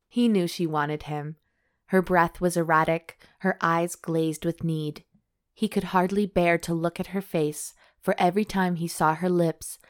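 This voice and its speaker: A woman host steadily reading a romance novel aloud. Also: fairly low pitch.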